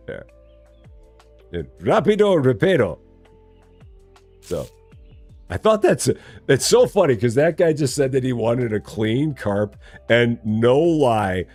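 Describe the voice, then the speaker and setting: A man live streams a store simulator game, chatting casually and cracking jokes. He rambles, laughs a lot, and his pitch swings lively up and down.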